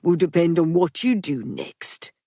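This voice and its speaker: Casting: a gruff male gangster, slow, firm, forceful, as a woman narrator puts him on. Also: lowish voice, sing-song, dry recording, clean studio sound, exaggerated voice. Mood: commanding. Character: rough, commanding male gangster.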